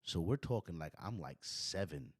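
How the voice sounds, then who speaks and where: A man's voice: low voice, lively intonation, moderate pace, husky, dry recording, studio quality. A man in his thirties with a Brooklyn accent, telling stories as a podcast host in loose, rambling casual chat. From United States. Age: 30s. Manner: rambling storyteller, lots of fillers.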